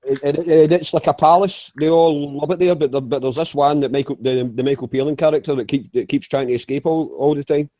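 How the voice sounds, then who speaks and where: A man's voice: fairly high pitch, steady tone, brisk, hardly any pauses, mellow, dry recording. A man chatting loosely, rambling and swearing now and then. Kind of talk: casual chat.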